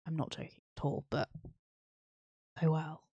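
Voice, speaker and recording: A woman's voice: low-pitched, little pitch movement, normal speed, creaky, warm tone, slightly rough, dry recording, highs cut off. A woman hosting a casual history stream, rambling, teasing and giggling often.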